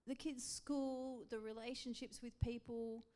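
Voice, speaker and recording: In a relaxed church interview, an Australian pastor's wife chats in an animated way, laughing easily. Her voice is on the high side and her pace is measured.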